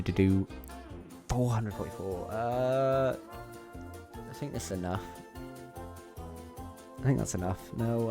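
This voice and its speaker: A young man streaming a game from his bedroom, chatting playfully and rambling to his viewers. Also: on the low side. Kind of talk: casual chat while gaming. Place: home bedroom.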